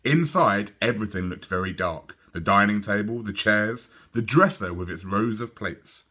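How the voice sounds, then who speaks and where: A man reading a children's book aloud in a lively, expressive storytelling voice. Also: on the low side, moderate pace. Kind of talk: children's read-aloud narration.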